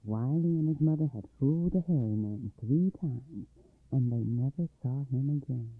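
A man's voice: mid-range voice, moderate pace, husky, no room sound. A man narrating a folk tale for a radio storytelling program, reading expressively and dramatically. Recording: dry, tinny phone-like sound.

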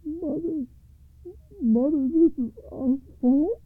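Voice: high-pitched, slow pace, no room sound, pitched above the performer's own voice. A storyteller voicing two grown sons pleading and crying out to their mother, in a tinny phone-like recording.

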